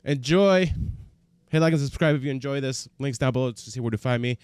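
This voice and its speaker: A man's voice: medium pitch, fairly quick, darkish tone, clean tone. A man hosting a reaction video, chatting casually in a laid-back, rambling way. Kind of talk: casual chat to camera.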